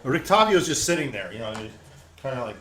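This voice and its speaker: A man's voice: mid-range voice, sing-song, brisk, bright, forceful tone, low-quality recording. Man narrating as game master. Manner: loose, rambling narration with fillers.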